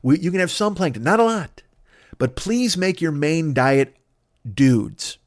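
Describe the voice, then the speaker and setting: A man's voice: on the high side, expressive, a little slow, pitched above the performer's own voice. A man voicing a huge, hungry male whale who bargains in a wheedling, exasperated way. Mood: bargaining.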